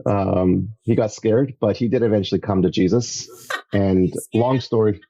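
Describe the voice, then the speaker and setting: A middle-aged man from Canada, a podcast guest telling his faith story in a casual, animated way. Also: fairly low pitch, normal speed, muffled recording. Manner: animated storyteller, acts out voices. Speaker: podcast guest, evangelist turned entrepreneur.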